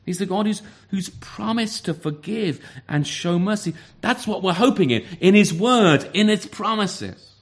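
Male preacher, slightly higher voice, earnest sermon delivery, rhetorical questions. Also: animated, unhurried, few pauses. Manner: earnest, repeats words, asks rhetorical questions.

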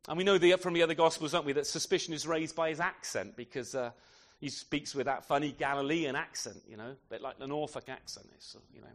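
A preacher delivers a sermon in a chatty, conversational way. His voice sits a little high for a man, and he keeps turning his points into questions for the congregation. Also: fairly quick, hardly any pauses. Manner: conversational, rhetorical tag questions.

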